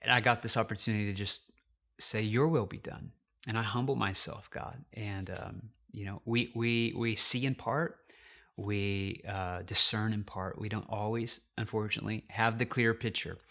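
A man's voice: lowish voice, steady tone, normal speed, gravelly, bright, forceful tone. A male pastor preaching from his own experience. He speaks in an open, confessional way, often stopping and restarting his sentences as he thinks aloud. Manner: personal, confessional storytelling with many restarts. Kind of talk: sermon.

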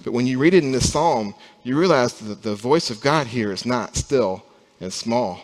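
A young adult man, a pastor, preaching a sermon, rising from quiet, slow passages to loud emphasis. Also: medium pitch, animated, long reverb tail.

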